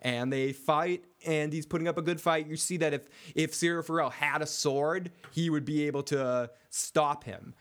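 A man co-hosting a casual recap podcast, talking excitedly, swearing and often restarting his sentences. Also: a little high, moderate pace, hardly any pauses. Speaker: podcast co-host.

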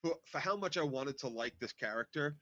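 A man's voice: medium pitch, expressive, fairly quick, bright, forceful tone, no echo. Blunt swearing man, dry muffled sound. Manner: blunt, swears heavily, opinionated. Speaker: podcast co-host. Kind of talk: casual recap chat.

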